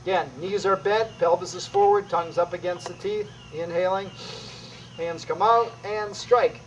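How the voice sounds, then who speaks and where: Middle-aged male qi gong teacher, upbeat and emphatic, voice on the high side, faint background noise. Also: moderate pace. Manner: energetic, emphatic, punctuating moves with "boom". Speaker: qi gong instructor. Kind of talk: demonstrating exercises on video.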